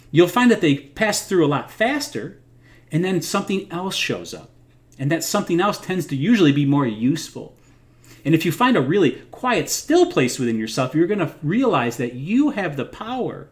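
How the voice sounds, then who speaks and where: A man hosting a live talk from home, speaking earnestly and encouragingly, laughing softly at himself now and then. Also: fairly high pitch. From United States. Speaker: host of a livestream. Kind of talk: casual motivational talk.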